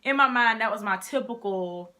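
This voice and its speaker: Bright-voiced young woman telling a story. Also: on the high side, moderate pace. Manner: animated, talks straight to viewers. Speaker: vlogger. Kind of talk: casual storytime chat.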